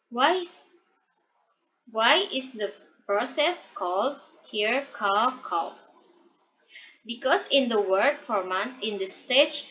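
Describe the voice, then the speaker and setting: A young woman student reading a class presentation aloud from a prepared script, haltingly and with restarts, on a dull lo-fi recording. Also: on the high side, bright, forceful tone, slight background noise.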